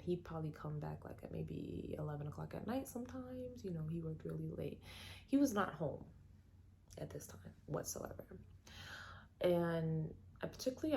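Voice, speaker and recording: Low, mellow-voiced woman telling a story. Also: gravelly, slight background noise. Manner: casual, animated, many fillers. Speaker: vlogger. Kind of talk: storytime vlog.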